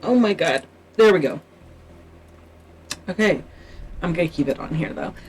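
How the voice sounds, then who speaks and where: A woman's voice: fairly low pitch, expressive, normal speed, husky, poor audio. A Canadian woman chatting casually on her livestream, musing aloud and often trailing off mid-thought.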